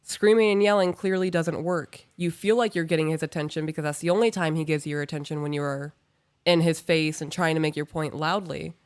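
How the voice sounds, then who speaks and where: A woman co-hosting a podcast, giving calm, firm and direct relationship advice. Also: sits low, brisk, clear, resonant tone. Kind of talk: casual advice chat.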